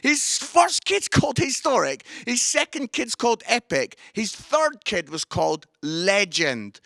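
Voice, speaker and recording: Lively high-voiced Scottish preacher. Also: male voice, measured pace, gravelly, no echo, studio quality. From Scotland. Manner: animated, breaks into loud exclaiming. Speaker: comedian and preacher. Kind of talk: comic sermon with storytelling. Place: at home.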